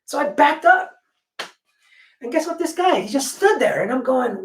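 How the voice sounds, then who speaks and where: A woman's voice: high-pitched, moderate pace. Blunt, profane woman on an echoey call. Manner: blunt, profane, animated storytelling. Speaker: panel guest. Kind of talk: casual discussion. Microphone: video call. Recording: echoey room, distant mic.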